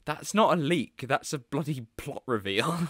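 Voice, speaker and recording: A man's voice: fairly high pitch, expressive, a little slow, no echo. A British man hosting a podcast in casual chat, laughing often and restarting his sentences. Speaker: podcast host.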